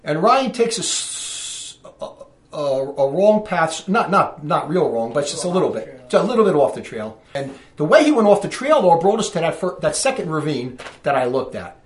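Casting note: a New Jersey man telling a story, high and very lively, restless and self-interrupting, in a roomy echo. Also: normal speed. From Newark, New Jersey. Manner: animated, self-interrupting, acts out dialogue. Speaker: storyteller recounting a hike. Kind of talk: casual storytelling talk.

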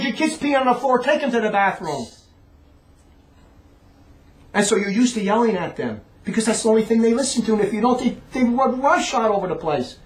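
A man delivering a rambling, emphatic monologue, often repeating his words for emphasis. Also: extremely high pitch. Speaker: monologue speaker. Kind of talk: ranting monologue. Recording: roomy echo.

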